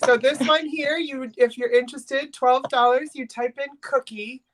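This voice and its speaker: A woman hosts a live online makers' sale from home, talking casually to her viewers. Her voice is slightly high, and her manner is chatty and a little flustered. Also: fairly even intonation, normal speed, slight background noise. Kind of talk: casual live-stream auction chat.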